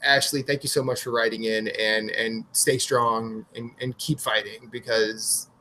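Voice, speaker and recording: A man in his late thirties co-hosting a casual podcast chat, telling stories in an animated way and swearing freely. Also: mid-range voice, measured pace, slight background noise. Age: 30s. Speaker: podcast co-host.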